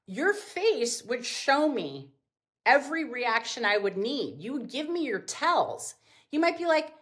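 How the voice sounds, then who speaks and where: A middle-aged woman, a business owner guest on a podcast, telling casual stories and acting out quotes with big jumps in pitch. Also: big pitch swings, moderate pace, a bit bright. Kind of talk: casual storytelling in an interview.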